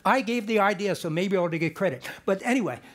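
A man preaching a conversational sermon. He retells a Bible story as an animated storyteller, with joking asides and frequent restarts. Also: high-pitched, fast.

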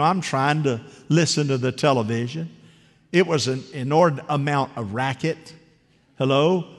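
Preacher, man, higher voice, chatty storytelling sermon, long church reverb. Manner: conversational, asks the congregation questions.

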